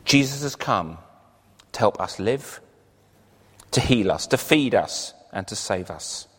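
A man's voice: fairly low pitch, expressive, slow pace, a bit bright, breathy edge. A man preaching a sermon earnestly, lifting his voice on key phrases. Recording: long reverb of a large hall.

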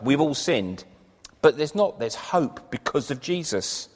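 A man's voice: fairly high pitch, sing-song, a little slow. A man preaching a sermon earnestly, lifting his voice on key phrases. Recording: long reverb of a large hall.

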